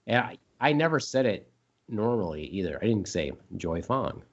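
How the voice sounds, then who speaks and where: A man's voice: lowish voice, sing-song, a little fast, muffled recording. A man co-hosting a casual podcast chat, rambling and joking, now and then repeating silly words in put-on voices. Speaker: podcast co-host.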